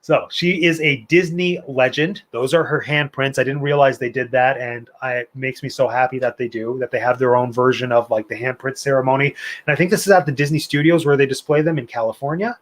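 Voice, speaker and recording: A man's voice: mid-range voice, fairly even intonation, brisk. A man hosting a live online trivia night, reading out questions and answers in a chatty, playful way with opinionated asides. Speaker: trivia host.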